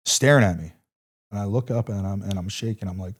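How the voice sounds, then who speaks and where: Guesting on a podcast interview, a middle-aged man who served as an Army Ranger recounts a war story intensely and emphatically, repeating phrases and swearing bluntly and freely. His lowish voice is expressive, brisk, and a little mellow.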